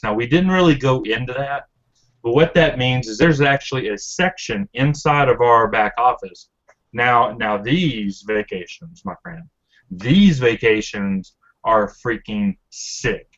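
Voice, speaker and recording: A man giving an upbeat, pushy sales pitch on a webinar, over dull lo-fi audio. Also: fairly bright tone. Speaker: presenter.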